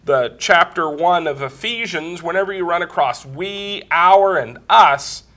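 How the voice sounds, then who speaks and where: Slow-speaking preacher with a cold. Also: male voice, high voice, bright, forceful tone. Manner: slow, deliberate, explains grammar step by step. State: congested from a cold, coughing. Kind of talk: Bible teaching sermon.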